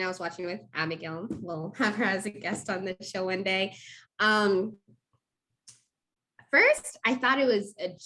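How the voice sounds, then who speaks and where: A woman co-hosts a casual talk show with a bright, forward voice. She tells her stories with lots of animation, acting out her own reactions as she goes. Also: medium pitch. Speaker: podcast co-host. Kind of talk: casual chat.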